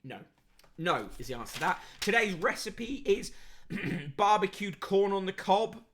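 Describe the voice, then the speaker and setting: A man's voice: high-pitched, lively intonation, a little slow, a bit bright, slight background noise. A man hosting a podcast and giving a sardonic, casual running review of newspapers, with plenty of fillers.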